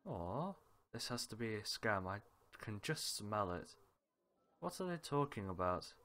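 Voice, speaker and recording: A man with a fairly low voice reads a visual novel aloud, playing every part himself. He moves from one character to the next and drops in small laughs and asides along the way. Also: sing-song, a little slow, sharp tone. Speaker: let's play host reading a visual novel aloud. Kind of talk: reading game dialogue aloud with light character voices.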